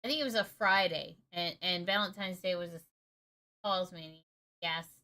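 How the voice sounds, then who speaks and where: A woman's voice: on the low side, normal speed, sharp tone. A woman in her thirties streaming from home, telling a personal story in a casual, candid way and swearing freely. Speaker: gaming streamer.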